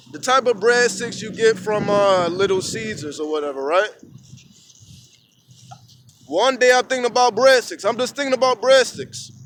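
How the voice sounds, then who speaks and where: High-voiced man vlogging outdoors, swearing. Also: slight background noise. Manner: profane, rambling, animated storytelling. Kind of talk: casual outdoor vlog monologue. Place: outdoors at sunrise, street. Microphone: phone camera at arm's length.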